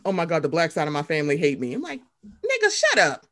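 A woman hosting a podcast in casual chat, animated and profane, telling jokey stories. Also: deep voice, very fast. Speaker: podcast host.

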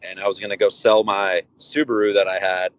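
Low-voiced man telling his story candidly. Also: fairly quick. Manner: animated, candid storyteller acting out quoted dialogue. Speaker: professional baseball pitcher, guest. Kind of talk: casual storytelling interview. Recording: dull lo-fi audio with faint background noise.

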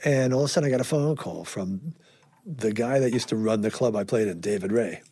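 An older man, a guest musician, telling anecdotes in an animated way, acting out dialogue and swearing casually. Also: fairly low pitch, fairly quick, slightly rough, no room sound. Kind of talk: anecdotal storytelling.

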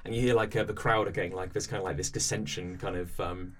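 A man's voice: low-pitched, fairly even intonation, quick pace, fairly bright tone. A man narrating as game master for a tabletop game, rambling with many fillers.

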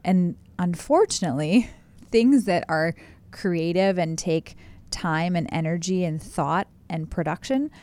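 A woman co-hosting a podcast with her husband, a self-described fast talker in casual chat. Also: on the low side, mellow. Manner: fast-talking, laughs often. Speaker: podcast co-host.

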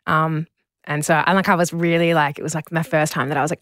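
A young woman guesting on a podcast, telling stories in an animated way and acting out other people's lines. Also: low-pitched, quick pace, dry recording, studio quality. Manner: animated storyteller, acts out quotes in voices. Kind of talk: casual conversation.

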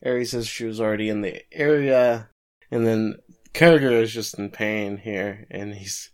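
Low-voiced man recapping a show. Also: normal speed. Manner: relaxed storytelling, chuckles at the jokes. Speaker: podcast co-host.

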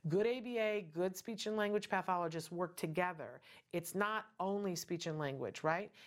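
A middle-aged woman hosting a casual talk show, chatty and emphatic with many asides and rhetorical questions. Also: fairly low pitch. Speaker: podcast host.

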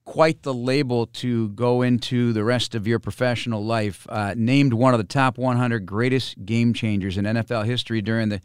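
A man hosting a sports podcast and interviewing a guest, speaking in a measured broadcaster's way with frequent fillers. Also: medium pitch, steady tone, clear, resonant tone, no room sound, clean studio sound.

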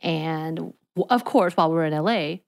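Animated woman podcast co-host, lowish voice. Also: normal speed. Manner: animated storyteller. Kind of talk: casual chat.

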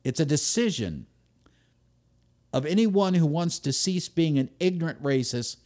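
Emphatic man with a lively, swinging voice. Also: on the high side, measured pace. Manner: emphatic, swings from loud stresses to near-whispers. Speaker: speaker. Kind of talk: speech to an audience.

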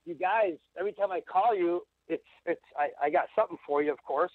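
Excitable Midwestern man on a phone line. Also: high-pitched, fairly quick, dry recording. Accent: Midwestern American. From Wisconsin. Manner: rambling, excitable, stumbling restarts. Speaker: caller. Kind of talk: casual call-in chat.

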